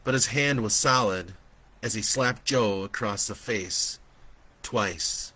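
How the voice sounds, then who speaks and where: A man reading aloud from his own horror novel in a slow, deliberate storytelling manner. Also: on the low side, pushed and bright, dry recording, poor audio. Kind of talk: audiobook narration.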